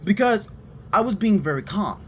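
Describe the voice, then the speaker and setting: A young man telling a story to his viewers in a casual, expressive rant. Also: on the high side, normal speed, a little hiss or hum. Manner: animated and expressive, drops to a quiet shaky voice when reenacting himself. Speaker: vlogger.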